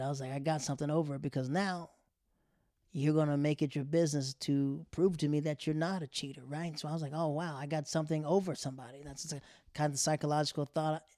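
Young man, animated storyteller, slightly high voice, dry close sound. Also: quick pace, dry recording. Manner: animated, laughing, slangy asides. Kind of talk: casual storytelling.

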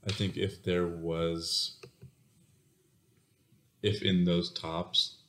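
A man's voice: low voice, little pitch movement, drawn-out words, a bit bright. A young adult man co-hosting a podcast in casual chat, rambling a little and hesitant, with lots of fillers. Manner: rambling and hesitant, loose thoughts full of likes. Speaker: podcast co-host.

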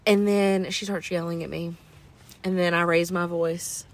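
A woman, co-hosting a podcast and telling stories in a casual, animated way. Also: on the low side, unhurried, no echo. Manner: animated, acts out quotes in exaggerated voices. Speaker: podcast co-host. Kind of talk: casual storytelling chat.

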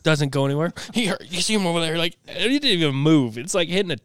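A man hosting a casual chat, telling stories in a lively way and laughing often. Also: a little high, quick pace, smooth, no room sound, clean studio sound. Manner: animated storyteller, laughs often. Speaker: podcast host.

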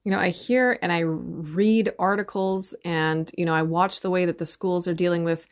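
A woman's voice: lowish voice, steady tone, moderate pace. A middle-aged woman talking in a rambling, opinionated monologue, often tagging her points with "right?". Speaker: commentator on parenting. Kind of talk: casual monologue.

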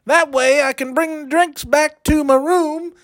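Brief: man voicing a high, squeaky, sleazy party guy, dry sound. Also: fairly even intonation, slow, a bit bright, dry recording, heavily acted. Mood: smug.

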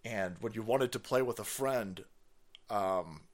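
A middle-aged man hosting a casual livestream, rambling and profane, reading chat and bursting into yells and laughter. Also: lowish voice, a little slow. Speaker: livestream host.

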